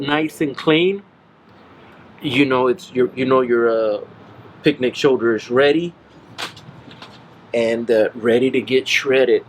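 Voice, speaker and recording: A man's voice: medium pitch, a little slow, slight background noise. Easygoing man hosting a barbecue vlog. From Central Florida. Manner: easygoing, enthusiastic, exclaims often. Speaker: barbecue channel host. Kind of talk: casual cooking vlog.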